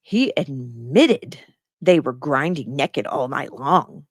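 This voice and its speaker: A woman's voice: extremely low pitch, animated, takes it slowly, slightly rough, dry recording, clean studio sound. Blunt, sarcastic middle-aged woman commentator. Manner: blunt, sarcastic, swears freely. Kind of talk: casual commentary reading an article.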